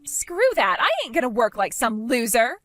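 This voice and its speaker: A woman's voice: a little high, expressive, moderate pace, a bit bright, no echo. A woman voicing a greedy, entitled young sister-in-law with a whiny, sing-song, demanding manner in a voiced story drama. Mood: defiant.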